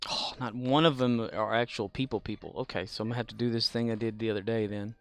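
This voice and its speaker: A man's voice: fairly low pitch, steady tone, fast talker, slight background noise. A man casually chatting on a live game stream, muttering to himself and humming along.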